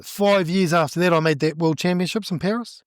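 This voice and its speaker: A middle-aged man with a New Zealand accent, a judo coach telling stories in a casual interview, animated and laughing as he acts out what people said. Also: high voice, brisk, smooth, dry recording, clean studio sound.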